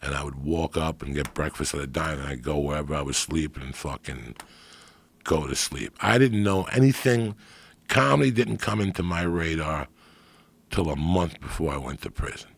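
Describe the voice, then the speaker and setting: Very deep gravelly-voiced man. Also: normal speed, dry recording. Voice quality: gravelly, raspy. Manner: streetwise, profane, blunt. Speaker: guest comedian. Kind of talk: casual storytelling.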